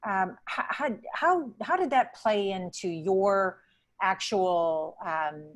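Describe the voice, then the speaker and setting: A woman's voice: medium pitch, takes it slowly. A woman interviewing an author on a video call, asking long questions with many restarts and repeated words. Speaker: interviewer, congresswoman.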